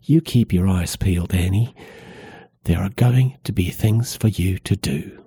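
A man reading aloud as a gloomy, secretive middle-aged villager, in a low, understated voice. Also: unhurried, warm tone, breathy edge, no room sound, exaggerated voice. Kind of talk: read-aloud novel passage.

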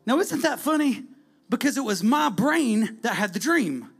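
A preacher with a high, gravelly voice. He delivers the sermon with lively swings between loud calls and hushed near-whispers. Soft music plays faintly behind him. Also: measured pace.

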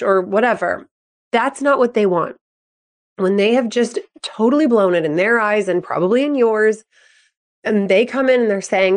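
Speaking at normal speed, a woman in her thirties runs an advice podcast as a sports psychology coach. Her manner is upbeat and expressive, and she voices quotes in a higher register.

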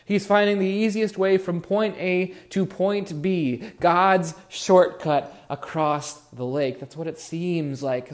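A man's voice: sits high, fairly even intonation, takes it slowly, few pauses. A man preaching a sermon as pastor, earnest and musing, leaning on words for emphasis. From Oregon.

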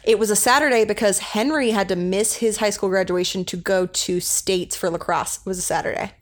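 A woman's voice: mid-range voice, a little fast. A young woman co-hosting a podcast, chatting casually and rambling with lots of fillers as she recaps an episode. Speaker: podcast co-host.

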